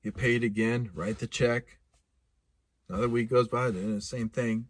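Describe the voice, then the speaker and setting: A man telling a personal story casually, animated and laughing, with vivid sound effects. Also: medium pitch, normal speed, dry recording. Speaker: speaker.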